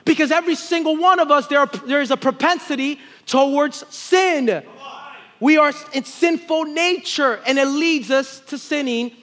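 High-voiced storytelling preacher. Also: male voice, moderate pace. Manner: storytelling preacher, swings from quiet to loud exclaiming. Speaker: pastor. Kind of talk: sermon. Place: church with congregation responding.

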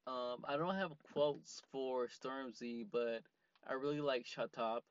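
A man's voice: medium pitch, slow pace, clear, resonant tone, no room sound, muffled recording. A man hosting a casual solo podcast from a parked car, rambling with lots of fillers and frequent laughs. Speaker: podcast host.

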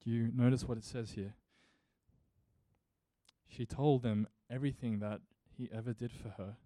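A man preaching with a mellow, warm tone in a dry, close sound. He speaks earnestly and builds his points into emphatic rhetorical questions, like a pastor in the pulpit. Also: medium pitch, fairly even intonation, moderate pace, no room sound. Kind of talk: sermon.

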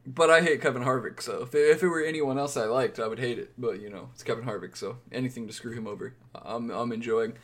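A man co-hosting a laid-back sports podcast, his voice at an ordinary middle pitch. He rambles and restarts his sentences, with a wry, offhand tone. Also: fast talker, few pauses, fairly bright tone. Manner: rambling, self-correcting, wry. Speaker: podcast co-host. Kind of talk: casual sports chat.

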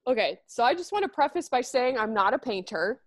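A woman in her twenties in casual chat with a friend, relaxed and swearing casually. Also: fairly high pitch, a little fast.

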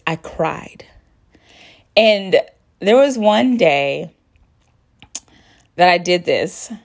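A woman hosting a podcast, who talks straight to her listener in a warm, sisterly way and shares her feelings openly. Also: mid-range voice. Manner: emotive, sisterly, addresses listener directly. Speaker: podcast host. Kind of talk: personal motivational monologue.

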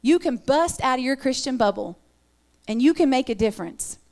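A middle-aged woman giving an earnest, animated sermon talk with personal stories. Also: sits high, normal speed. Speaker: women's ministry speaker.

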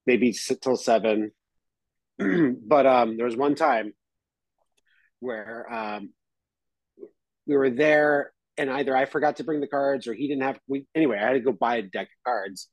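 A man co-hosting a podcast in casual chat, rambling in a laid-back way and often clearing his throat. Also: mid-range voice, measured pace, dry recording, rough recording. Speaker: podcast co-host.

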